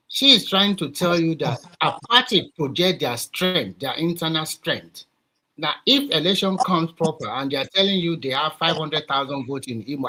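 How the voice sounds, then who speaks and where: A man's voice: fairly high pitch, pushed and bright, low-quality recording. A man on a political panel, pointed and challenging as he argues.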